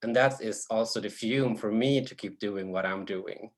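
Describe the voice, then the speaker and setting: Man, from Sweden, author, lowish voice, halting, soft-spoken, video call panel. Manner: soft-spoken, hesitant, many restarts.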